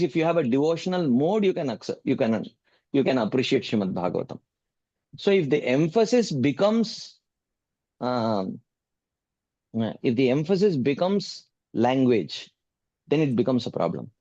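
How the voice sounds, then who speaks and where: A man teaching and answering questions in a scripture class, speaking in a measured way, repeating key points with many "you know" fillers. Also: fairly high pitch, a little mellow, no echo, lo-fi sound. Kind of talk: explanatory Q&A teaching.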